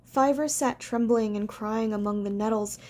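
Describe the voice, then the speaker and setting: A woman doing amateur audiobook narration, gentle and unpolished, with small stumbles. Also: on the high side, normal speed.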